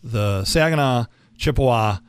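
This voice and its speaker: Radio host, man, late fifties, jokey chatter, mid-pitched voice, dry close sound. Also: lively intonation, measured pace, clear, resonant tone, dry recording. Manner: joking, chatty, plugs local spots. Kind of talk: casual radio banter.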